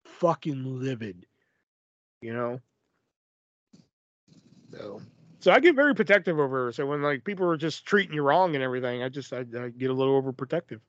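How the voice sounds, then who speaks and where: Lively, profane man telling stories. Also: mid-range voice, fairly quick, long pauses, no room sound. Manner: profane, rambling, filler-heavy. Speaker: podcast host. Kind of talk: casual storytelling chat. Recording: dull lo-fi, dry.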